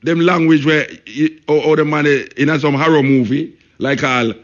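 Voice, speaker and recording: A man's voice: a little high, fairly even intonation, moderate pace, dull audio. A man with a Jamaican accent hosting a radio talk show, speaking emphatically, repeating points and saying "you know" often.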